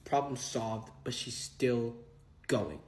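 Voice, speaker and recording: A man's voice: mid-range voice, expressive, reverberant, poor audio. A man telling a personal story casually, acting out quoted dialogue and saying "like" a lot. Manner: rapid retelling full of quoted dialogue and filler "like". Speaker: vlogger.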